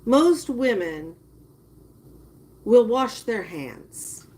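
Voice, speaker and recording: A woman giving casual live-stream commentary, chatting with viewers and reacting with drawn-out disgust. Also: a little high, very animated, darkish tone. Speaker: livestreamer.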